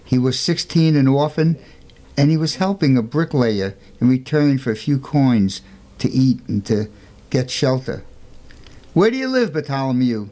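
Speaking in a mellow, mid-pitched voice, a man recounts a saint's life on a talk show at an easy pace. He keeps it conversational but hammers key moments with forceful rhetorical questions.

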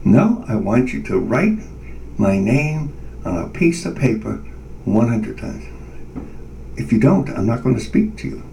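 A man voicing a calm, gently commanding male divine voice heard inwardly, slow and lowered, with a gravelly edge. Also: far from the mic, a little hiss or hum, low-quality recording. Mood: solemn.

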